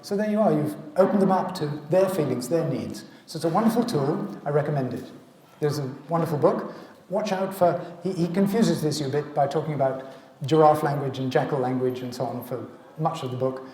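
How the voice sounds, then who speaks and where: A man's voice: a little high, brisk, warm tone, a little hiss or hum. A man with a British accent giving a public talk, rambling with many ums and restarts. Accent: British English. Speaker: speaker. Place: community arts centre hall. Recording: echoey hall.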